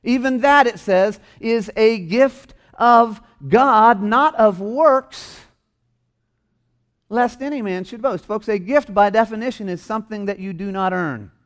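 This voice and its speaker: Emphatic high-voiced male preacher. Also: unhurried. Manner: emphatic, repeats key phrases for stress. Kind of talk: sermon. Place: church hall.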